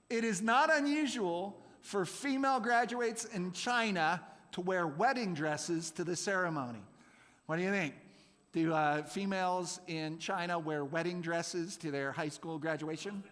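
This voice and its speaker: A man's voice: sits high, measured pace, fairly bright tone. A man running a playful real-or-fake quiz with a youth group at a church service, jokey and laughing often. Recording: long hall reverb.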